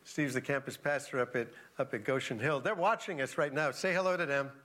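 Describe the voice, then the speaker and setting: A man's voice: medium pitch, fairly quick. A male pastor giving a conversational sermon, telling stories with chuckling asides. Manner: animated storytelling, chuckling asides.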